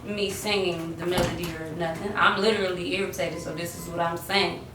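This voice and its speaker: A young woman spins a lively storytime, voicing the people in it and breaking into snatches of melody. She sounds set back from the mic in a roomy space with a faint hiss underneath. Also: fairly low pitch, a little fast, recorded from a distance. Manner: animated, acts out quotes and slips into singing. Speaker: singer telling her story. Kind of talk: casual storytime chat.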